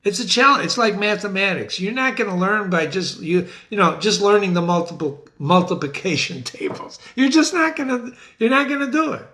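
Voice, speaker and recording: A middle-aged man teaches classic literature to the camera in a theatrical, enthusiastic way. He often calls his viewers ladies and gentlemen. His voice sits high, swings up and down, and has a bright, forceful edge. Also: lively intonation, fairly quick, few pauses. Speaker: literature teacher and website host.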